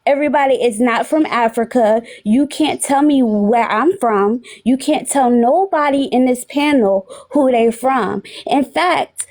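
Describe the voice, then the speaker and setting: A woman's voice: high voice, measured pace, hardly any pauses, a little mellow. A woman from the United States, speaking directly and sassily as a panel speaker in a heated talk. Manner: sassy, direct. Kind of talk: heated casual chat.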